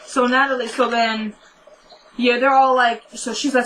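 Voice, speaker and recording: A young woman casually recapping a TV episode, acting out the characters' lines by jumping her pitch up and down. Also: level tone, normal speed, a bit bright, slight background noise, low-quality recording.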